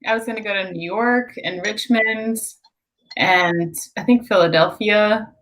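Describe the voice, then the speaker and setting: Woman co-host, easygoing conversational delivery, mid-range pitch. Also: a little slow, fairly bright tone, poor audio. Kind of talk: casual chat.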